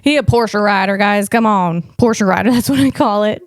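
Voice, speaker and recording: A woman's voice: mid-range voice, moderate pace, no room sound, studio quality. A woman comedian hosting a tech show, riffing in a loose, rambling monologue full of playful asides. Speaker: comedian host.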